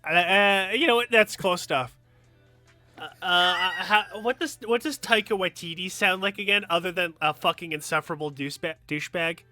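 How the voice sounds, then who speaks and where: Bright-voiced tipsy podcast co-host. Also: male voice, high voice, moderate pace, faint music behind. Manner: loose, profane joking. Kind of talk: casual podcast banter.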